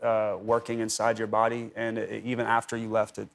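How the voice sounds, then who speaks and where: A man's voice: lowish voice, monotone, fairly quick, vocal fry. A man in his thirties, a talk show guest, rambling through anecdotes with lots of "like" and restarts in casual chat. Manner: rambling storyteller, heavy on "like" and restarts. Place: TV studio.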